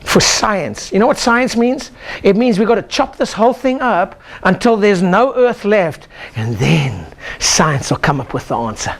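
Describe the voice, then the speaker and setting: A man's voice: sits high, expressive, unhurried, vocal fry, few pauses. An older man, a chiropractor, giving an exclamatory motivational seminar talk and leading the audience in call-and-response chants. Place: lecture room with a live audience.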